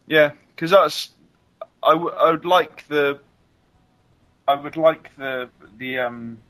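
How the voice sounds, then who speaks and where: A man's voice: mid-range voice, a bit bright, no room sound. A man co-hosting a casual podcast, chatty and teasing, with lots of fillers. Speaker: podcast co-host.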